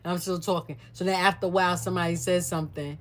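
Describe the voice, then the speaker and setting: A woman's voice: fairly low pitch, rapid-fire. Woman, just chatting through a family story, acts out what folks said. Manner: animated, mimics other people's voices. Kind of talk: casual storytime chat.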